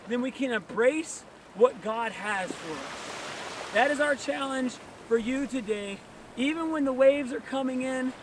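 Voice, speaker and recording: A male pastor giving an energetic outdoor sermon on a beach, full of rhetorical questions. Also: very high voice. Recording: distant mic with clear surf noise.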